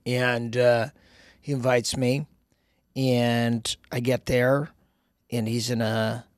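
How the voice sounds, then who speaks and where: A man's voice: medium pitch, flat delivery, slow pace, clear, resonant tone, dry recording, clean studio sound. A man in his thirties, a comedian guest, telling a long personal anecdote in casual podcast chat and swearing freely.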